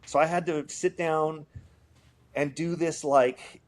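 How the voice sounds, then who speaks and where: A man who builds guitars, telling a story in a relaxed, rambling way, with lots of fillers and quoted dialogue as an interview guest. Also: a little high, slow.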